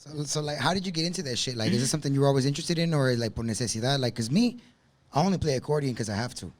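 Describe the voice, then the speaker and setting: Fast-talking man hosting a casual podcast. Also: medium pitch, animated. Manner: chatty, full of "like" and "right?". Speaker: podcast host.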